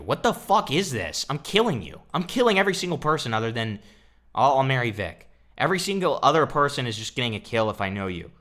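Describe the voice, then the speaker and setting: A man hosting casual reaction commentary, crude and sarcastic, swearing constantly and dropping into low mumbled asides. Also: very animated, a little fast, a bit bright. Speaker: commentary host.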